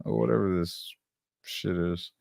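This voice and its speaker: A man's voice: deep voice, steady tone, a little slow, gravelly, background noise. A man giving crude, sarcastic running commentary while reacting to a video as the host.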